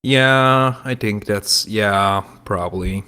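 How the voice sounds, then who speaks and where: A feral young boy in a tabletop game, played by a man, answering bluntly and without interest. The voice sits low. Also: slow, bright, forceful tone, clean tone. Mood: offhand. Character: wild, animalistic young boy, blunt and indifferent.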